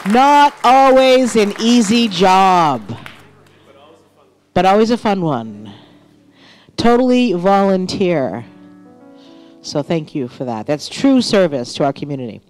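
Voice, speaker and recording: Woman, church announcer, friendly and unhurried, mid-pitched voice. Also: a little mellow. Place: church sanctuary.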